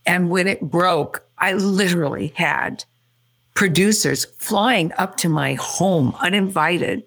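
An older woman from California, a guest in an interview, telling her story quickly and acting out what people said. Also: fairly low pitch. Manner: animated, quick storyteller who acts out quotes.

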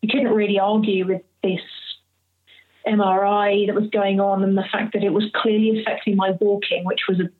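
A woman's voice: medium pitch, level tone, moderate pace. Woman telling her story over a tinny line. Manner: candid, emotional, acts out others' speech. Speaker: interview guest. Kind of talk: personal storytelling in a conversation. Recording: phone-like narrow audio.

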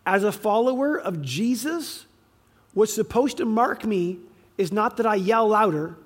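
A man's voice: high-pitched, animated, measured pace. A man preaching a sermon, with emphatic swings in volume and frequent restarts. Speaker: pastor.

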